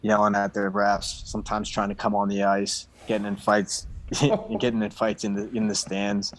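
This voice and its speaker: A man's voice: fairly low pitch, flat delivery, normal speed. A young man chatting casually as a podcast guest, easygoing with lots of fillers. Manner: easygoing, many fillers and laughs. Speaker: podcast guest, ice cross athlete.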